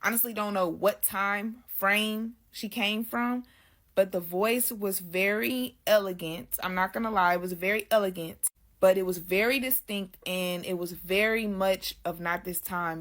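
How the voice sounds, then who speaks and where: A woman as a guest, casually telling her own story in loose, slangy speech and often addressing listeners as "y'all". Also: medium pitch.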